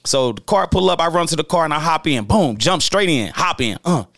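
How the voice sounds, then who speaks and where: A man spins old street stories in a loose, casual way, his voice sitting a little high and full of gravelly fry. He acts out the people in the tale with lively jumps in his voice. The sound is close and dry, with no room around it. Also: brisk, dry recording. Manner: animated, acts out quoted voices, loose slang-heavy talk with restarts. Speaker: storyteller host.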